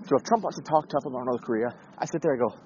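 A man's voice: medium pitch, very fast, lo-fi sound, background noise. A man giving blunt, profane, casual commentary, talking in a conversational way with frequent restarts.

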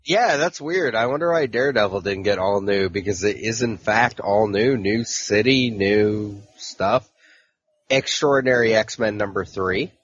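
Husky low-voiced man, dry podcast host. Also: unhurried, no room sound, dull audio. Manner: reads out titles in a list, dry asides. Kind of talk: casual chat.

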